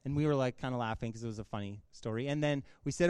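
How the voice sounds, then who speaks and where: A man's voice: mid-range voice, animated, fast, darkish tone, smooth, no room sound, clean studio sound. A man preaching a sermon as a pastor, talking casually and conversationally with fillers and laughs.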